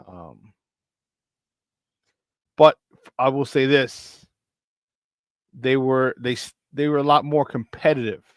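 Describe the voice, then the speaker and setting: A man hosting a casual sports talk show, excitable and repeating phrases for emphasis, reading off stat lines in quick lists. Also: medium pitch, no room sound. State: doing burpees while talking.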